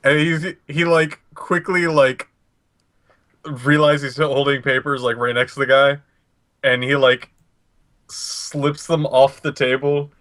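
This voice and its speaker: Guy player rambling about his moves, slow, lots of likes and uhs. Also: mid-range voice, steady tone, a bit bright. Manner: rambling, with many fillers. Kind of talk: casual chat at a tabletop game.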